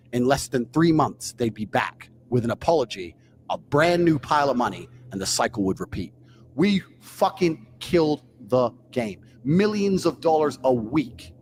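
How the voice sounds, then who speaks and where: A man's voice: on the high side, slight background noise. A man telling a story in a brash, boastful way, swearing freely and acting out both sides of conversations.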